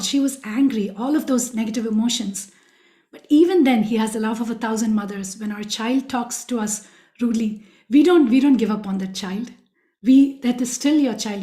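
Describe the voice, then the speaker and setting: A woman's voice: fairly high pitch, dark tone. A woman giving an earnest devotional storytelling talk, speaking directly to her listeners. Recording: echoey room.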